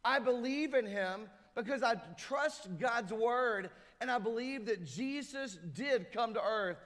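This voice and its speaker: Pastor, male, high voice, emphatic sermon delivery, church reverb. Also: slow pace, a bit bright. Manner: emphatic preaching, acts out crowd voices. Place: church sanctuary. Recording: hall reverb.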